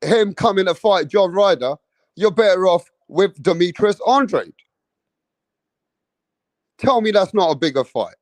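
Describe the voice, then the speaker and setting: A man's voice: high voice, animated, measured pace, long pauses, dry recording. A man hosting a boxing live stream, talking casually and swearing while reading viewer comments. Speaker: boxing channel host.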